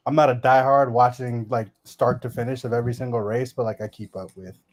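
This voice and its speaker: A man's voice: mid-range voice, steady tone, a little fast. Laid-back swearing man on a podcast. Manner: laid-back, profane, laughing often. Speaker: podcast host. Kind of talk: casual chat.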